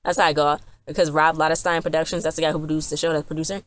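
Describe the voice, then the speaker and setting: Low-voiced woman rambling through a recap. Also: little pitch movement, rapid-fire. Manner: rambling, chatty retelling with many restarts. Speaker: TV episode reviewer. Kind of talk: casual episode recap.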